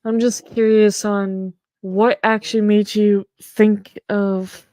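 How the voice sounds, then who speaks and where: A woman's voice: mid-range voice, flat delivery, slow, mellow, dry recording. A woman hosting a casual stream chat, swearing constantly and laughing often. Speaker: host.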